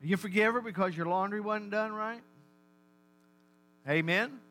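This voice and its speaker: High, bright-voiced man preaching. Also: normal speed. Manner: animated, repeats words, calls to congregation. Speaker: pastor. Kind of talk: sermon.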